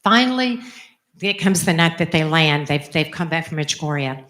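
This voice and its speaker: Older nun telling her story, animated and emphatic, acts out the quotes, kinda low voice. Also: normal speed. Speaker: religious sister giving a testimony. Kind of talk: storytelling talk.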